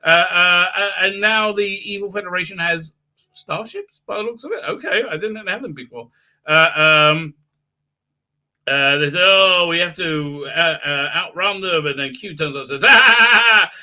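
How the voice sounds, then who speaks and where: Hosting a live stream, a man recaps a TV episode with mocking humor, acting out scenes using silly voices and sound effects and many hesitant fillers. His voice is high, pushed, and bright, at normal speed.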